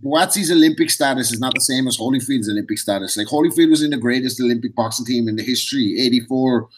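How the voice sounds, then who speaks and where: A man's voice: medium pitch, background noise. A man on a boxing podcast ranting heatedly, peppering his talk with "like". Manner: fast, heated ranting with repeated "like". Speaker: podcast co-host. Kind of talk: casual podcast chat.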